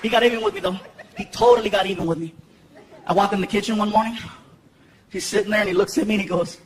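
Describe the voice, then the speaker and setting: A man doing stand-up comedy on a live stage, telling stories in an animated, playful way. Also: sits high, fast, pauses often, noisy background. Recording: live show, loud crowd laughter.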